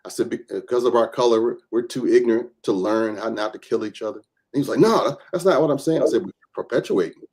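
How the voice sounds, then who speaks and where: A reverend and gun rights advocate, appearing as a podcast guest in an interview, tells stories animatedly and acts out the people he quotes. His voice is on the low side with vocal fry, and he talks fast with hardly any pauses.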